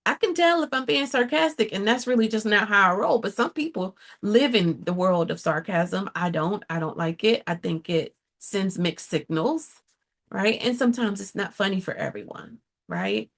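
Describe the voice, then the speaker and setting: A middle-aged woman therapist talks straight to her viewers in an earnest, direct way. Her voice has a gravelly edge, and she keeps checking in with a quick "right?" as she goes. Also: medium pitch, animated. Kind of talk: casual advice talk to viewers.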